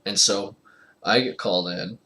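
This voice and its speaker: A man's voice: deep voice, moderate pace, bright, forceful tone, slight background noise. A young man telling a casual personal story, rambling with lots of fillers and frequent laughter.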